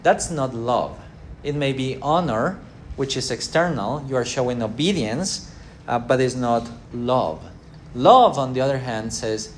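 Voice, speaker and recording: A man teaches a church Bible class haltingly, using many fillers, acting out everyday quotes, and putting questions to the class. His medium-pitched voice is expressive, with slight background noise.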